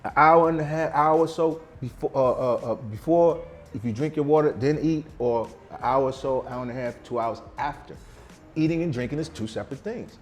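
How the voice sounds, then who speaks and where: Over a meal in a restaurant, a vegan chef in his forties or older talks casually and boastfully in loose street slang as an interview guest about weight loss. His mid-range voice is fairly quick, and faint music plays behind.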